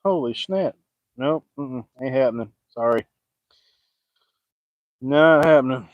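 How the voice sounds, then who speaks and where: A man's voice: medium pitch, slow, no echo, lo-fi sound. A middle-aged man, fishing outdoors and joking as he answers viewers in casual chat. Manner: folksy, joking, talks back to viewer comments. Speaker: fishing vlogger.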